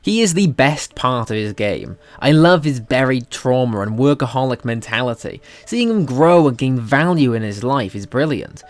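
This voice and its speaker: Welsh male YouTuber, casual commentary, emphatic and sarcastic, very lively pitch, light music bed. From Wales. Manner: animated, sarcastic, emphatic, swears freely.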